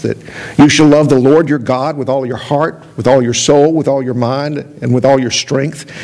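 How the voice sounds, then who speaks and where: Guy pastor preaching, slow and steady, telling a parable, bit higher voice. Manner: measured, storytelling delivery. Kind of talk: sermon.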